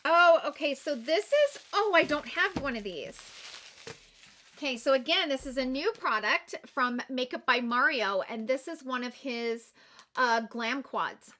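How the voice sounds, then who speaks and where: A young adult beauty vlogger chats excitedly through a makeup unboxing, gushing with gasps and exclamations. Her voice is high-pitched and expressive, pushed and bright, and she talks a little slowly.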